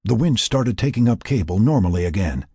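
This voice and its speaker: In scripted narration of a tense story, a man's low, raspy voice sounds warm and expressive, ranging widely in pitch while staying measured. The audio is dry and close-miked, with no room sound.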